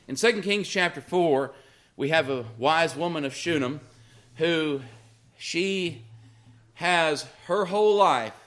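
A man's voice: mid-range voice, a bit bright. A man preaching a sermon, emphatic and repetitive, his voice swinging up and down. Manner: emphatic, rising and falling with repeated phrases.

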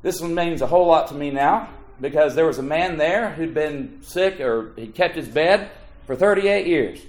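A man in his thirties preaching a sermon, swinging between hushed low phrases and loud rising emphasis as he quotes scripture in old-fashioned wording. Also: moderate pace. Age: 30s.

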